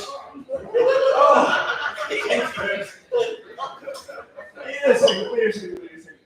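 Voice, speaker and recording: Rowdy high-voiced man doing stand-up. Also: wildly swooping pitch, slow pace, long pauses, crowd noise. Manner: loud, rowdy, laughing at own jokes. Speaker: stand-up comedian. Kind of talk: open mic stand-up set. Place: comedy club stage. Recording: echoey room from far off, audience noise.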